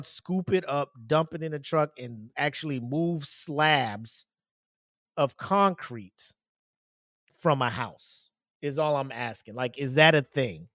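Recorded in a clean studio without echo, a man with a slightly high, fairly bright voice hosts a solo podcast. His commentary is casual and rambling, full of swearing, fillers and laughs.

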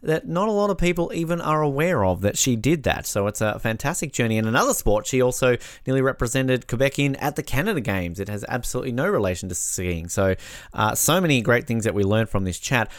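A man's voice: mid-range voice, expressive, fast talker, no room sound, studio quality. An Australian man hosting a podcast interview, talking in an upbeat, enthusiastic and chatty way. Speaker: podcast host.

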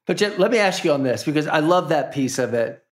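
A middle-aged man hosting a podcast, asking relaxed, friendly questions with many fillers. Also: fairly high pitch, a little fast. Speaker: podcast host. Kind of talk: casual interview chat.

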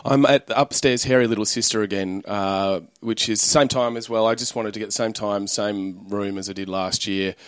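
A man's voice: lowish voice, steady tone, moderate pace, few pauses, no echo, studio quality. A man, a comedian rambling through anecdotes in casual chat and laughing often. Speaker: comedian guest.

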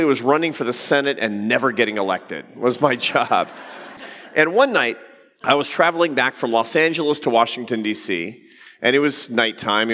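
A middle-aged man giving a lively, self-deprecating storytelling talk to an audience in a large hall. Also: medium pitch. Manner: animated, self-deprecating with laughs. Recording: long hall reverb.

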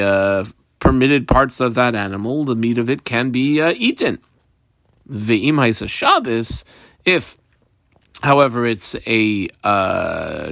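A man's voice: mid-range voice, creaky, fairly bright tone, dry recording. A man giving a Talmud lesson, reading the text phrase by phrase, translating and explaining with many fillers. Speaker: Talmud teacher. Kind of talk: daf yomi lesson.

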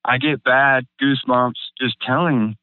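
A young adult man tells a hard personal story in a halting, emotional way, with many fillers and restarts, close to tears. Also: medium pitch, fairly even intonation, clear, resonant tone, no echo. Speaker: guest. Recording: phone-like narrow band, dry.

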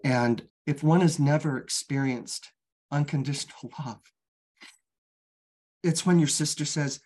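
A woman's voice: deep voice, measured pace, pauses often, darkish tone, husky. A middle-aged woman telling her own life story candidly as a guest, frank and casual, swearing freely.

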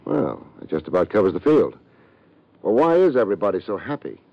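A wry, low-voiced private eye. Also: male voice, very animated, a little fast, gravelly, dry recording, heavily acted. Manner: wry, dry wisecracks. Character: wry male private detective, hard-boiled. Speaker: narrator and detective. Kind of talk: 1950s radio drama acting. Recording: dull lo-fi old radio recording.

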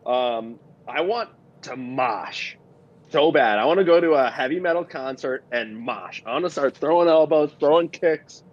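A man's voice: mid-range voice, animated, normal speed, muffled recording. Laid-back man in casual chat.

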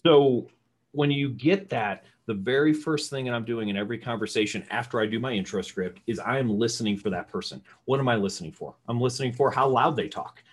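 A loud male real estate sales trainer with a husky, mid-range voice teaches a live seminar, talking a little fast. He's energetic and conversational, frequently throwing questions out to the room.

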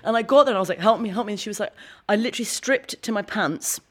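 Fast-talking woman telling stories. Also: medium pitch. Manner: fast, animated storytelling with laughs. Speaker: guest. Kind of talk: casual interview chat.

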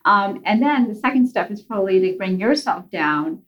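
A woman's voice: mid-range voice, animated, moderate pace. Woman explaining with enthusiasm, dull audio. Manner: enthusiastic, explanatory, addresses host by name. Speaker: guest expert. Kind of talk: casual advice chat.

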